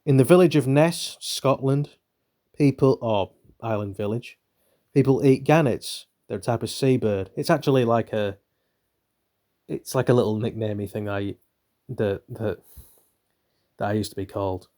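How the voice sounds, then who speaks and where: This young northern British host has a warm, mid-range voice, a moderate pace, and frequent pauses. As he reads a book aloud, he interrupts himself with rambling, swearing, irreverent remarks.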